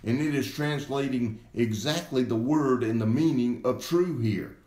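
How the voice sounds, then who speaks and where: A male pastor delivers a sermon at an unhurried, deliberate pace, leaning hard on repeated words. His voice sits at an ordinary middle pitch. The recording carries a noticeable roomy echo. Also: darkish tone. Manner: slow and emphatic, repeating key words. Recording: echoey room.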